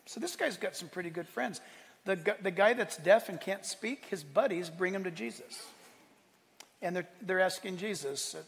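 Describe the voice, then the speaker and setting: Gravelly animated preaching man in a hall. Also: high-pitched, normal speed, pauses often. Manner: animated, swings from loud exclaiming to quiet asides, laughs often. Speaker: pastor. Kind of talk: sermon. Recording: long hall reverb.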